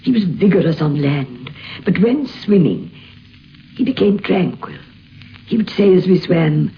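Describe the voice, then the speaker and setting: A woman's voice: fairly low pitch, very animated, measured pace. A woman giving a wistful, lilting reminiscence of an old friend. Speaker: interviewee recalling a friend. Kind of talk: spoken reminiscence. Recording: muffled old radio recording with faint hiss.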